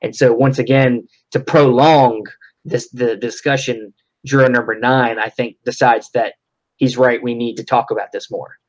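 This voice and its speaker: A man's voice: mid-range voice, fairly even intonation, moderate pace, lo-fi sound. A man talking casually about a film, rambling with lots of restarts and fillers. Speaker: podcast co-host.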